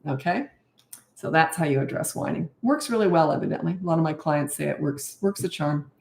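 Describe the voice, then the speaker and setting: A woman's voice: low voice, expressive, a little fast, gravelly, darkish tone, echoey room. An older woman and parenting coach answering viewer questions in a frank, blunt, self-mocking way.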